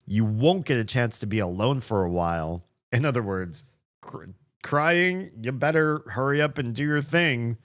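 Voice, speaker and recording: A man hosting a let's play, reading the game's text aloud and commenting on it in a playful way, with frequent laughs and soft mumbled asides. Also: mid-range voice, animated, normal speed.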